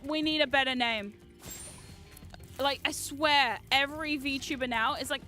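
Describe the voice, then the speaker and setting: A woman streaming a game, chatting excitedly with her viewers, swearing freely and shouting at the game. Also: high-pitched, measured pace, soft background music. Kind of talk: live-stream gameplay chat.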